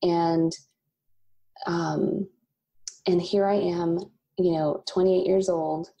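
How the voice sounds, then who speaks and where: A woman in her thirties, a company founder and podcast guest, telling a candid personal story with bursts of laughter and animated asides. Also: on the low side, slow. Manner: emotional, laughs often, quotes God in animated asides.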